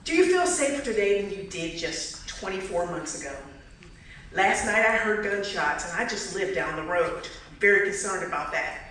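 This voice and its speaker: A woman's voice: medium pitch, expressive, moderate pace, a bit bright. Woman candidate addressing a crowd in an echoey hall. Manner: direct, asks the audience questions. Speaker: political candidate. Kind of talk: campaign speech at a forum. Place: community hall. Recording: echoey hall, mic from far off, faint noise.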